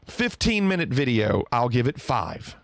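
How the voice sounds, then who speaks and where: A man's voice: mid-range voice, sing-song, measured pace, vocal fry, slight background noise. A man streaming live, chatting casually and playfully with his viewers. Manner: playful, bantering about pronunciation.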